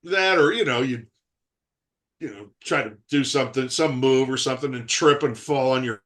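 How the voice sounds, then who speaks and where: Man, 60s, actor on a video call, rambling animated storytelling, laughs a lot, mid-pitched voice. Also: moderate pace. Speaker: actor, interview guest. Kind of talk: casual video-call interview.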